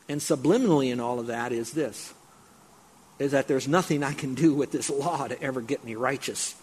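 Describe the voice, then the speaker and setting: A man's voice: medium pitch, husky. A male pastor preaching a sermon, emphatic, breaking into mocking raised-voice asides.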